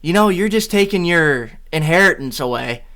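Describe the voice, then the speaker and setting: A man's voice: fairly high pitch, animated, moderate pace, bright, forceful tone, smooth, voice pushed up. A man mimicking a nosy, pushy cashier woman. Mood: nosy, scolding. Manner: prying, scolding.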